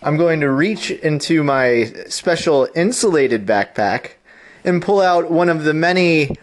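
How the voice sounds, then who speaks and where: A man in casual chat who jokes in a deadpan way. His pitch is fairly high and swings around. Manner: deadpan, joking. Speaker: panelist.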